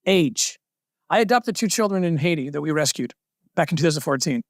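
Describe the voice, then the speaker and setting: A man gives an impassioned interview with a fairly high voice. He talks fast and presses hard on his points, and the sound is dry and close. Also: expressive, no echo. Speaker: interview guest.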